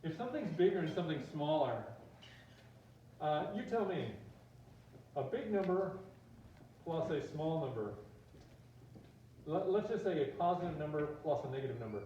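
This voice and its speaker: A male math teacher lecturing in a joking, animated way, with a fairly high, mellow voice. It bounces around a classroom and is picked up from far off, sounding dull under a faint room hum. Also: moderate pace, pauses often. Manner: joking, animated, talks to himself. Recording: echoey room, distant mic, dull sound.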